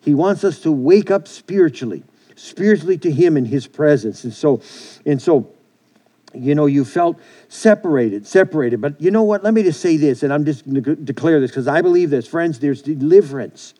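A male pastor delivers an earnest sermon, circling back and repeating phrases as he goes. His voice sits a little high but has a warm, mellow tone. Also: expressive, moderate pace. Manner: repetitive, earnest preaching with many restarts.

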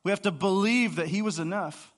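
A man preaching a streamed sermon, earnest and pleading, moving between hushed passages and fervent ones. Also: high voice, brisk. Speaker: pastor. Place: streamed online service.

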